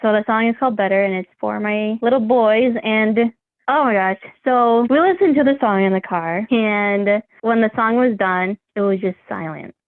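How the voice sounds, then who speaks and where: A woman's voice: mid-range voice, normal speed, no echo. Woman from wisconsin, chatty guest, laughs a lot, sounds like a phone line. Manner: animated storytelling with laughs. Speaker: guest singer-songwriter. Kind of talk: casual interview chat.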